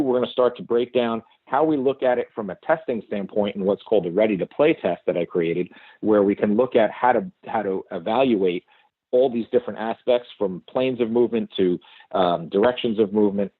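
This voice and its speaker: A man's voice: lowish voice, normal speed, slightly rough, dry recording, narrow, tinny audio. A man hosting an instructional segment on movement training, walking through points methodically one by one. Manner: methodical, lists points step by step. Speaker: segment host, movement coach.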